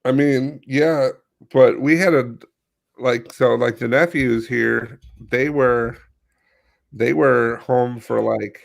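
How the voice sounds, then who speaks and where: A man's voice: medium pitch, steady tone, slow pace, vocal fry. A man co-hosting a comedy news podcast, rambling and laid-back with sarcastic asides. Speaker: podcast co-host. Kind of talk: casual comedic chat.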